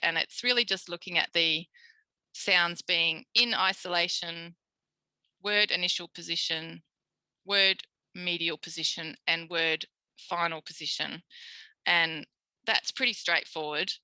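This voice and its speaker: An Australian woman, a speech pathologist, giving a recorded tutorial lecture in a lively way, acting out quoted voices. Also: lowish voice, measured pace, clear, resonant tone, no room sound, low-quality recording. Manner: animated, acts out quoted voices.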